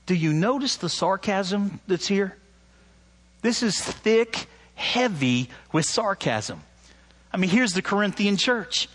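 Guy preaching a sermon, pretty high voice, gets loud and animated on the big points. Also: measured pace, husky. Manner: animated preaching, rising loud on emphasis, asks "right?" often; mimics sarcastic tones when quoting. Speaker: pastor.

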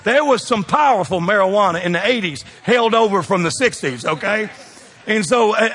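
A man preaching a sermon, folksy and emphatic, dropping low and rising to shouts. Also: animated, normal speed, slightly rough. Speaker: pastor.

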